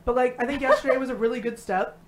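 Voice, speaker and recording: A woman co-hosting a live stream, talking casually and bluntly with lots of swearing and animated storytelling. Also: high-pitched, fast talker, a little hiss or hum. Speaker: co-host.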